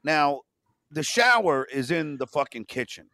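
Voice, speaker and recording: A man's voice: fairly high pitch, very animated, measured pace, pushed and bright, no echo. A man on a podcast telling a long, profane personal anecdote in a rambling way. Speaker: podcast guest.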